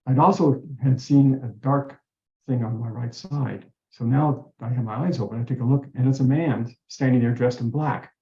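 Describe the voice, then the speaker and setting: A man earnestly telling a personal story in an interview, acting out the voices he quotes. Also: medium pitch. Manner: earnest, animated retelling with quoted dialogue. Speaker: guest telling his story. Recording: roomy dull-sounding recording.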